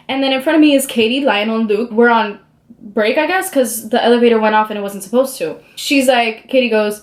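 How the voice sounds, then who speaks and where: A young woman telling a story in a casual, chatty way while doing her makeup, full of "like" and animated quoting of other people. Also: high voice, fairly quick. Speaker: beauty vlogger.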